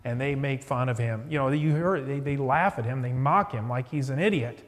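A middle-aged male pastor preaching a sermon, retelling a story and softly acting out the voices in it. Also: medium pitch, a little fast. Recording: long hall reverb.

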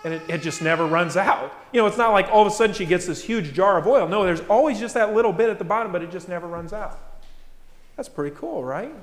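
A man preaching a lively sermon to a congregation, full of rhetorical questions and acting out the voices of people in the stories. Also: sits high, fast talker. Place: church. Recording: echoey church hall.

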